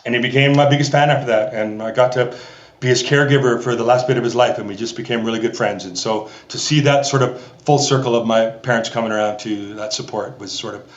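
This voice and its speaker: A man's voice: mid-range voice, steady tone, fast, roomy sound, dull audio. A middle-aged Canadian man, a theatre festival director, telling stories in a podcast interview and animatedly acting out the voices of the people in them.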